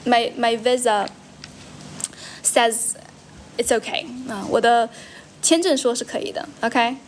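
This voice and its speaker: A woman's voice: on the high side, fairly even intonation, unhurried, slight background noise. Chatty young woman livestreaming. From China. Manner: switches between English and Mandarin, repeats and self-corrects. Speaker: livestream host, English teacher. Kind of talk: casual livestream chat answering comments. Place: friend's house.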